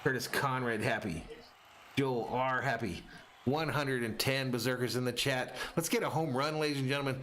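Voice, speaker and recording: Excitable male fan play-by-play streamer. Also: medium pitch, slight background noise. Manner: excitable, rises sharply on big plays. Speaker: live-stream play-by-play host. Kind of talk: fan play-by-play and chat reading.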